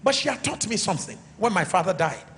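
A middle-aged Nigerian man preaching a sermon as pastor, calling for responses and swinging between shouts and quiet asides. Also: high voice, sing-song, fast, long reverb tail, slight background noise. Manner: preaching with call-and-response, sudden shouts then soft asides.

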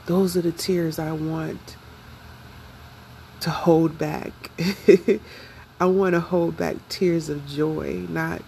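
Slow, gravelly-voiced woman speaking reflectively. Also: low voice, fairly even intonation, mellow, slight background noise, low-quality recording. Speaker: vlogger. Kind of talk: personal confessional vlog.

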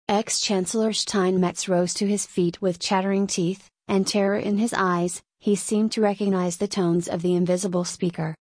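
A woman reads a classic novel aloud in a measured, even storytelling manner. Her voice sits at an ordinary pitch. The recording is close and dry, with no room sound. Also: no room sound. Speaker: audiobook narrator. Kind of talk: scripted narration of a classic novel.

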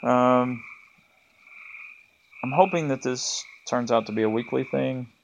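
A man with a Southern US accent hosting a podcast, speaking in a relaxed, laid-back way with many ums and restarts. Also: medium pitch, takes it slowly, vocal fry, a little hiss or hum, poor audio. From American South. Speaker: podcast host. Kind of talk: casual solo podcast monologue. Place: front porch of an off-grid cabin.

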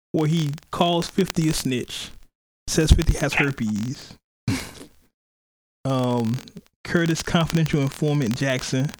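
A man's voice: medium pitch, slight background noise, rough recording. A man hosting a podcast in casual chat, rambling and cursing, often laughing as he retells things. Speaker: podcast host.

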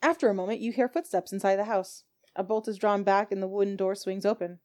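A woman's voice: medium pitch, fast talker, darkish tone. A woman narrating a tabletop game as game master, reading steadily with small stumbles.

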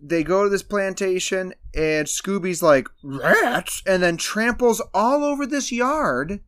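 Animated young man, casual movie recap. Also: sits high, unhurried, smooth. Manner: animated, acts out characters' lines while retelling. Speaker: podcast co-host recapping a movie. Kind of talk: casual chat.

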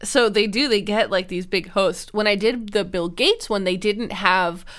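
A woman's voice: medium pitch, moderate pace, fairly bright tone. A woman chats on a podcast in a loose, rambling way, packing her talk with fillers and little laughs. She teases herself as she tells a story and keeps her tone light. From Canada. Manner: chatty, giggly and self-mocking, with many fillers. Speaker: podcast co-host and book YouTuber. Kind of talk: casual chat.

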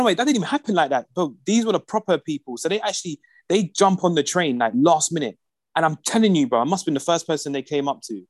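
A man's voice: a little high, dry recording. Slangy young man ranting. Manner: animated, slangy, acts out the people he quotes. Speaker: podcast regular. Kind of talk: casual storytelling rant.

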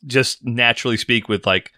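A man's voice: mid-range voice, fairly even intonation, normal speed, sharp tone. A man with a Pacific Northwest accent co-hosting a podcast in casual chat, teasing his friend and explaining things matter-of-factly. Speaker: podcast co-host.

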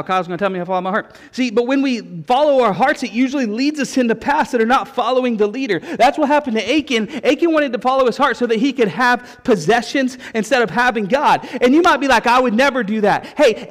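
A male pastor preaching a sermon, telling stories with repeated refrains in an animated way. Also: very high-pitched, a little fast, few pauses. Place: church sanctuary. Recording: long reverb of a church hall.

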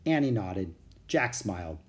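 A man narrating a children's chapter book, expressive, doing all the character voices. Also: low voice, measured pace.

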